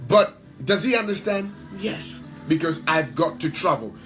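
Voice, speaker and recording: Man, worship leader, fairly high voice, emphatic preaching delivery, repeats lines for stress, soft music underneath. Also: lively intonation, measured pace, low-quality recording. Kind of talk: interview answer, preacher-like talk.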